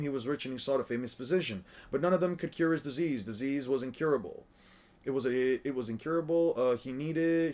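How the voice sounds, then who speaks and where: An actor playing an eccentric old quack doctor in an anime dub, telling a story with theatrical passion. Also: male voice, mid-range voice, a little mellow, lightly acted.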